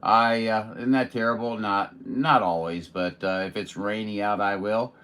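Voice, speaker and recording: A man's voice: on the low side, fairly even intonation, unhurried, fairly bright tone, clear, resonant tone. A man from Missouri, a radio operator chatting in a casual, folksy, joking way with other stations. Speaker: radio operator streaming contacts. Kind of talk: casual ham radio chat.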